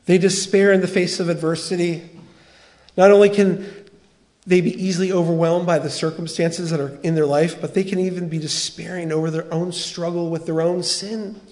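A man preaching a sermon as pastor, earnest and animated, acting out quoted dialogue as he tells a story. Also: high voice, normal speed.

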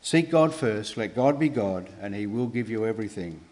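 A man preaching a sermon in an earnest, measured way, pausing and restarting, with emphatic rises on key words. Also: fairly low pitch, animated, a little mellow.

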